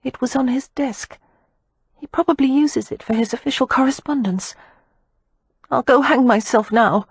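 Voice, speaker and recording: A woman voicing an anxious, remorseful young girl who speaks in a guilty, hushed way for a storybook. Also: high-pitched, moderate pace, pauses often, breathy edge, no room sound, voice pushed up. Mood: mortified.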